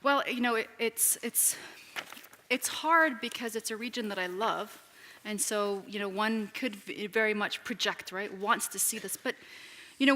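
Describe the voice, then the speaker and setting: A woman, an author taking questions at a public talk, speaks in an animated way with frequent restarts and "you know.". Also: mid-range voice. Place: lecture hall with an audience. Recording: long hall reverb.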